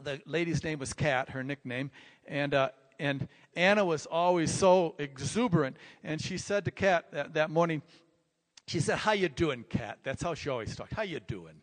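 An older man preaching from the pulpit, his voice sitting a little high and trailing off into long reverb in a big hall. He tells stories in a rambling way, restarting phrases and lifting his energy as he goes. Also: moderate pace. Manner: rambling, repeats words, animated when telling stories. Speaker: pastor. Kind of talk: sermon-style personal storytelling.

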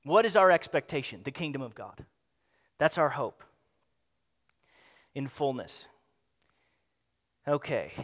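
A man preaching a sermon as pastor, animated, acting out quoted speech in changing voices. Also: mid-range voice, takes it slowly, long pauses, in a large hall.

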